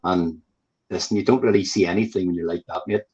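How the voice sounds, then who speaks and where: A man's voice: sits low, fairly even intonation, quick pace, a little mellow, husky. Blunt Northern Irish man, lo-fi audio. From Northern Ireland. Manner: blunt and profane, repeats himself for emphasis. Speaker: guest on a live chat stream. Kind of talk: casual chat. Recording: dull lo-fi call audio.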